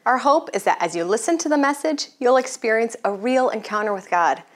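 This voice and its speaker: Woman doing the church welcome, lively up-and-down voice. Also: fairly high pitch, brisk. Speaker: church host. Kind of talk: scripted welcome message.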